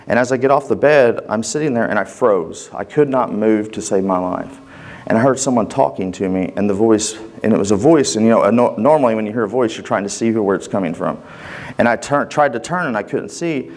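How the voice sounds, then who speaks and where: A man's voice: on the low side, brisk, a little mellow. A man giving a personal church testimony in an earnest, conversational way, acting out the dialogue as he tells it.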